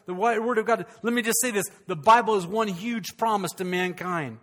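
Animated preacher man in a reverberant hall. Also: sits high, brisk. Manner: animated, calls out to the congregation. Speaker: pastor. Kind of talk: sermon.

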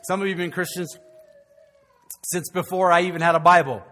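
High-voiced pastor preaching. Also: male voice, brisk, big-room sound. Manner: lively, joking asides to the congregation. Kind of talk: sermon. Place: church sanctuary.

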